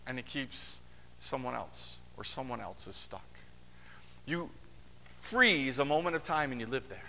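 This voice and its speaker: Animated preacher man in a reverberant hall. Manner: animated, conversational, acts out quotes with big pitch swings. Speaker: pastor. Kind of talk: sermon.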